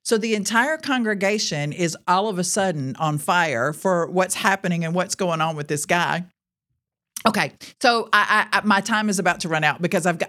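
A woman's voice: lowish voice, fairly bright tone. A woman telling a personal faith testimony in a podcast, speaking earnestly and addressing her listeners directly. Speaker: Christian speaker sharing a testimony.

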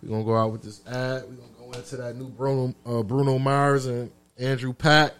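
A man's voice: medium pitch, brisk. Laid-back podcast host man, rambling. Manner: relaxed, rambling, full of "you know" fillers. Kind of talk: casual chat.

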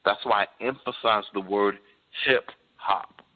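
A man in casual hip-hop debate chat, animated and insistent, pressing his partner with questions. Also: medium pitch, a little fast. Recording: tinny phone-like sound.

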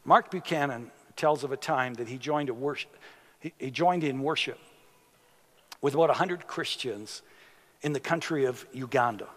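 A man preaching a sermon as a pastor, unhurried, with sudden emphatic rises in his voice. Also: mid-range voice, fairly bright tone, big-room sound.

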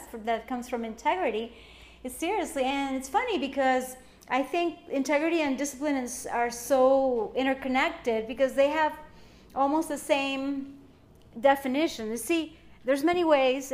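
A woman hosting her own podcast, talking casually and sleepily, rambling, correcting herself and laughing often. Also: high-pitched. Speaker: podcast host. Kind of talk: casual solo podcast talk.

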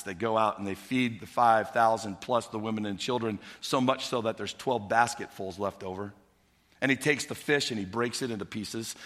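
A male pastor preaching a sermon, telling stories in a lively way and acting out the characters as he goes. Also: mid-range voice. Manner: animated storytelling, acting out characters. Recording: long hall reverb.

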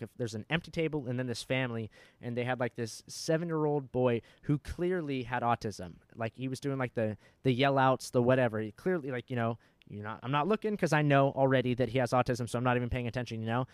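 Young guy on a podcast, talks super fast, swears a lot, dry close sound. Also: medium pitch, clear, resonant tone, dry recording. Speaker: podcast host. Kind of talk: casual storytelling chat.

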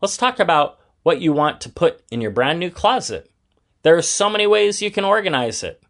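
A man's voice: fairly high pitch, very animated, moderate pace, a bit bright, voice pushed up. A man reading aloud and voicing a patient, fair mother explaining things to her sons in a children's story.

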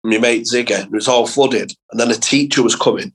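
A young man with a husky, slightly breathy voice tells school stories as a comedian guest on a chat podcast. His delivery is animated and loose, peppered with swearing, and sits at an ordinary middle pitch. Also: fast, rough recording. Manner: animated anecdotes, lots of swearing. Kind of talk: casual storytelling chat.

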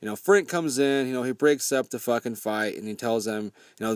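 A man's voice: mid-range voice, fairly quick, hardly any pauses, darkish tone, dry recording, clean studio sound. A man casually recapping a movie plot in a rambling, profane, laid-back way.

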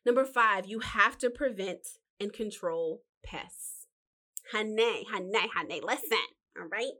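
A woman hosting a casual motivational talk. She gives life advice in a lively, preachy way, asks one rhetorical question after another, and calls the listener honey. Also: mid-range voice, unhurried. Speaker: podcast host giving life advice.

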